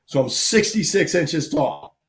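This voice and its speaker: A man, casually telling lively army anecdotes on a live talk show and acting out the people he quotes. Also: fairly high pitch, a little slow. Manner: animated anecdotes, acts out quoted people, laughs often. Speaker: guest storyteller, army veteran.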